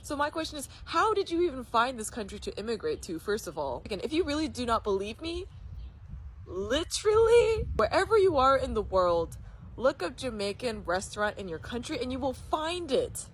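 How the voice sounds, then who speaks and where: A woman's voice: high-pitched, big pitch swings, moderate pace, slight background noise. A woman talking casually in a dismissive, mocking way. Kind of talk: casual opinion talk.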